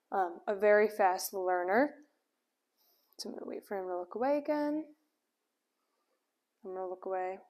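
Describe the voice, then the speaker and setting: A woman dog trainer with a mid-range voice gives a casual demonstration at home. She calmly explains between cheerful calls of the dog's name and quick praise, captured indoors by a camera at a distance.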